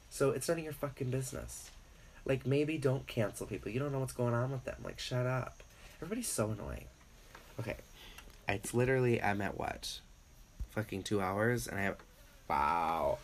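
A man's voice: medium pitch, moderate pace, slight background noise. A man giving a casual, profane opinion rant, rambling and filling his speech with "like". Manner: rambling, profane, heavy use of filler "like".

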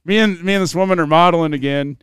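A man telling a story in casual chat, animated and swearing freely, laughing as he goes. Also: a little high, fast, clean tone, no echo, clean studio sound. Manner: animated, profane, laughs through his story.

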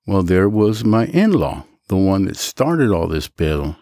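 Male guest, low, lively storyteller, dry close recording. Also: a little slow, no room sound. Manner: animated storyteller, jumps high to act out quoted voices; Christian, speaks of his faith. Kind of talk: casual storytelling interview.

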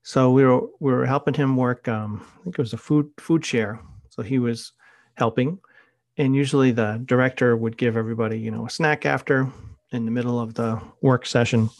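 A man's voice: mid-range voice, steady tone, moderate pace, no room sound. A middle-aged man hosting a podcast, talking casually and telling anecdotes. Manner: conversational, anecdotal storytelling. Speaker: podcast host.

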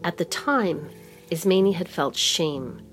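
A woman reading a story aloud as narrator in a measured, steady way. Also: fairly low pitch. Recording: music playing underneath.

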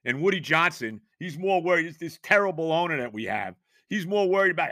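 A man's voice: on the high side, very animated, brisk, pushed and bright, dry recording, clean studio sound. Fuming, foul-mouthed sports podcast man. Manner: fuming, profane, exasperated. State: worked up. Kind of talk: angry sports rant.

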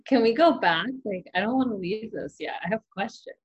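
Breathy woman asking soft questions. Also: medium pitch, brisk, muffled recording. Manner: soft, curious, eager questions. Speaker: podcast host. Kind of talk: casual conversation.

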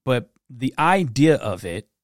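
A middle-aged man telling animated parenting stories in a casual monologue, breaking into quick impressions. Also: mid-range voice, dry recording, clean studio sound. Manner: animated storytelling with impressions and laughs. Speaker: parent giving advice.

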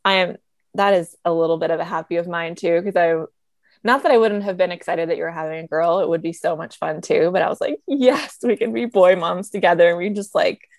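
A woman's voice: fairly low pitch, fairly even intonation, fast talker, no room sound. A young mother co-hosting a podcast, telling relatable stories in an earnest, casual way. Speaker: podcast co-host. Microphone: remote call mic.

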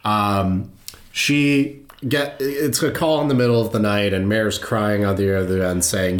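A man's voice: fairly low pitch, fairly even intonation, unhurried, roomy sound. A man hosting a podcast, retelling a true-crime story in a loose, conversational way with fillers and easy laughs. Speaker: podcast host.

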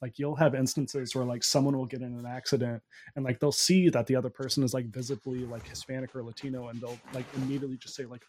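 Halting man in casual chat. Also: mid-range voice, little pitch movement, a little mellow, slight background noise. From Pacific Northwest, USA. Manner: halting, heavy with "like" fillers.

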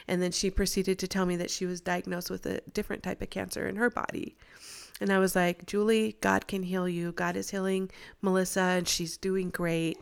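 A woman's voice: medium pitch, moderate pace, gravelly. A middle-aged woman casually telling a personal faith story, acting out what others said. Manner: animated, acts out quoted voices. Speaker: guest sharing a testimony.

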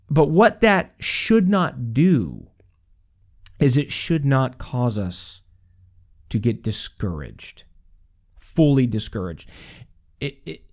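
Male podcast host, sermon-style delivery, very animated pitch, reads verses slowly, frequent laughs. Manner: animated, laughs often, repeats phrases for emphasis; reads scripture aloud slowly. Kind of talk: preaching-style podcast talk.

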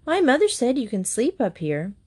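A woman's voice: fairly high pitch, big pitch swings, moderate pace, dark tone, husky, voice pushed up. A woman voicing a sweet, cheerful young girl talking to her dog in a storybook reading.

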